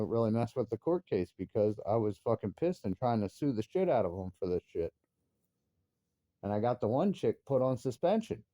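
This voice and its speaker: A father with a mellow, lowish voice rants angrily about his family, using heavy profanity. His voice shoots up into outbursts, and the clean studio audio has no room sound.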